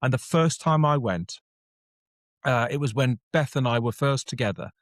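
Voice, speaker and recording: A man co-hosting a podcast, telling a personal story in a lively way and acting out the voices in it. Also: medium pitch, normal speed, dry recording, clean studio sound. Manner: animated storyteller, acts out quotes. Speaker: podcast co-host. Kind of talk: casual storytelling chat.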